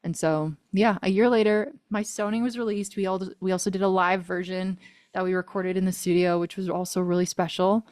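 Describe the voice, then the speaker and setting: A woman's voice: on the low side, steady tone, a little fast, a little mellow, dry recording, clean studio sound. A woman in her thirties, a singer-songwriter guest, telling a personal story in a casual interview, earnest and emotional, with frequent laughs and fillers.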